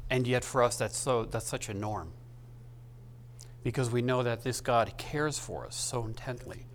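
A pastor preaches a sermon into a microphone, speaking haltingly and with feeling and restarting often. His voice is medium-pitched, with slight background noise.

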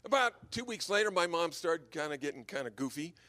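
An older male preacher delivering an anecdotal sermon with a notably high voice. His pitch swings widely as he tells stories, and he chuckles at his own jokes. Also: animated, a little fast, pushed and bright. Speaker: visiting preacher.

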